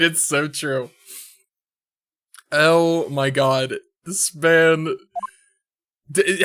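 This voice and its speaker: A streamer giving casual, excitable commentary over a story game, reacting loudly and swearing for emphasis. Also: medium pitch, drawn-out words, long pauses, background noise. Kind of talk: casual let's-play commentary. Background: game music.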